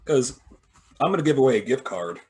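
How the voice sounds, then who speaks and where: A man's voice: medium pitch, a little fast. A man co-hosting a casual podcast happy hour, playful and jokey, asking questions and teasing his co-hosts. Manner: playful, jokey, animated delivery. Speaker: podcast co-host. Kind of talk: casual live-stream chat.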